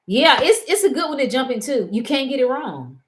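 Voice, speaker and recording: A woman hosting a casual talk show, animated and prone to laughing and wandering into stories. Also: high voice, brisk. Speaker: host. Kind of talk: casual chat.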